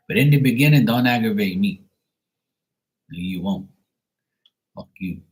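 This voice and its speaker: A man's voice: low-pitched, rough recording. A middle-aged man talking casually and profanely on a late-night livestream, blunt and rambling. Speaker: livestream tarot reader.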